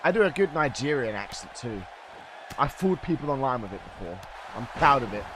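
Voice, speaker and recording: A man with a sore, strained throat doing live play-by-play commentary on a stream. He chats with viewers between calls and shouts at the big moments. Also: medium pitch, animated, fairly quick. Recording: noisy stream recording.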